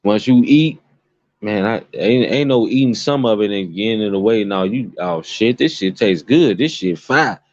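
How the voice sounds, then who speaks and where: A man's voice: lowish voice, animated, moderate pace, a little mellow, no echo. A man giving rambling, profane commentary to his viewers, emphatic and repetitive. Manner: emphatic, repetitive, swears constantly. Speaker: commentary vlogger. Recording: dull lo-fi dry recording.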